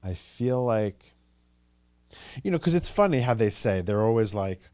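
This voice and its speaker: A man's voice: fairly low pitch, big pitch swings, unhurried, pauses often, darkish tone, clean tone, no echo. A man in his thirties with a New York accent, hosting a casual solo podcast, gossipy and chatty, jumping between ideas and acting out quotes. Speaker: podcast host.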